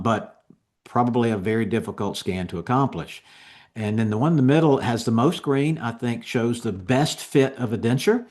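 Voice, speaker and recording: A man with a mid-range voice delivers a continuing education lecture on dental technique. He walks through each step in an easygoing, conversational manner.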